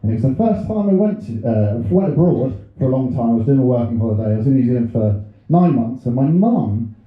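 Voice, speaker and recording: A man in his thirties performs a self-deprecating stand-up set, acting out little quotes as he tells his stories. His voice sits at a middle pitch. The sound is thin and phone-like, and it rings with heavy echo from the club. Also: lively intonation, a little fast. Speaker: stand-up comedian. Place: comedy club stage. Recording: very echoey, phone-like audio.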